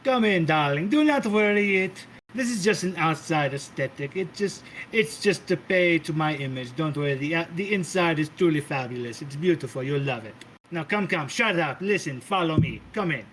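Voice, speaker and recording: A man's voice: fairly high pitch, lively intonation, normal speed, a bit bright, slight background noise. Man putting on a gushing foul-mouthed goddess mother. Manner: theatrical, gushing, swears, calls everyone darling. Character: flamboyant hot-tempered female mother goddess.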